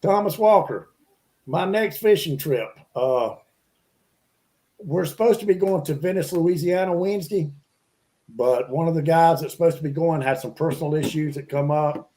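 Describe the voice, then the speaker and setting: Mellow-voiced man rambling about fishing trips. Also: on the high side, moderate pace. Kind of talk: casual chat.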